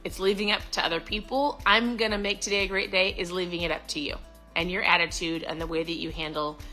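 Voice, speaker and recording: A woman's voice: on the low side, flat delivery, quick pace, sharp tone, soft background music, rough recording. A middle-aged woman giving a casual, upbeat motivational talk to camera, chatty with lots of fillers and restarts. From Florida. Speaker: vlogger.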